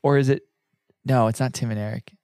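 A man's voice: mid-range voice, steady tone, a little fast, a little mellow, no echo, studio quality. A man co-hosting a podcast in casual chat, rambling and hesitant as he retells scenes. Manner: rambling, hesitant, many fillers. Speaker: podcast co-host.

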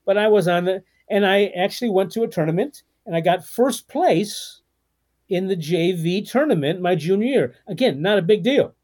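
A man in his sixties, guesting as an author on a podcast, tells stories in a high voice at normal speed. He's an animated storyteller who often fills and restarts his sentences.

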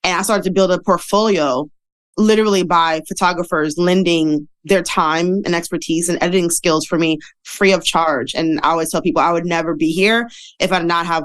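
A woman in her thirties, a guest telling her story in a candid, chatty, self-deprecating way that is full of fillers and laughs. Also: fairly low pitch. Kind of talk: casual interview storytelling.

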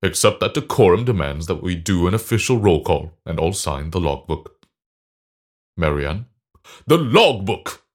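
A man's voice: sits low, sing-song, a little slow, exaggerated voice. A man playing a pompous, grandiose Victorian sailor and scientist who leads a secret society, with theatrical proclamations.

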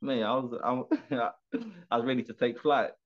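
A man's voice: medium pitch, steady tone, measured pace. A man, a professional boxer, talking animatedly and rambling with restarts and swearing in a remote interview. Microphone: video call. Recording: dull lo-fi video call audio.

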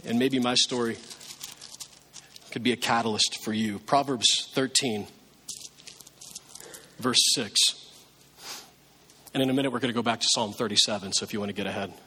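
A pastor preaching a sermon in a relaxed, conversational way, now and then acting out pleading prayers. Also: male voice, mid-range voice, normal speed, long pauses, long reverb tail, slight background noise.

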